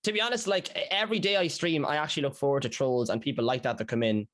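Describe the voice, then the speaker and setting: A man's voice: mid-range voice, very fast. An Irish man, a streamer guest on a podcast, telling stories in casual chat with slang and swearing. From Ireland. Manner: animated storyteller, lots of slang and swearing.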